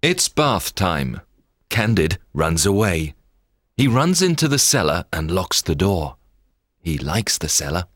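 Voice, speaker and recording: A man narrating a children's story in a scripted, expressive read-aloud manner. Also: sits low, a little slow.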